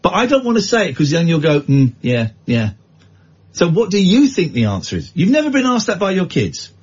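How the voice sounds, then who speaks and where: A man's voice: high voice, big pitch swings, fast, breathy edge, lo-fi sound. A man hosting a radio show, bantering and joking with mock arrogance. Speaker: radio host. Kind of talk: casual radio chat.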